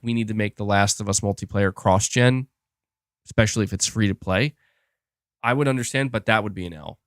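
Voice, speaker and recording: Excitable young guy rambling thru super chats, dry mic, lots of restarts. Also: fairly low pitch, no echo. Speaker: podcast host reading super chats. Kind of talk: casual live-stream chat.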